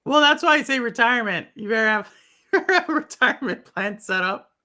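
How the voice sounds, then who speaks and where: A woman's voice: fairly high pitch, animated, fairly quick, pushed and bright. A woman from Houston with a light Texan twang, hosting a podcast in blunt, questioning casual chat. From Houston, Texas. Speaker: podcast host.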